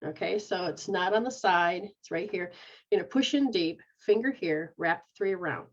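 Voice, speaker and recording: Low-voiced woman guiding a healing session. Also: normal speed, muffled recording. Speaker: energy healer leading a live session. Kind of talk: guided healing session, casual.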